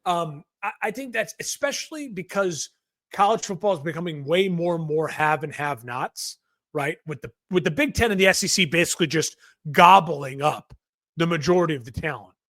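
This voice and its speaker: High-voiced animated podcast guy. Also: fairly quick, dry recording, clean studio sound. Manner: animated, acts out quotes, restarts often. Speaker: podcast co-host. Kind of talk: casual sports chat.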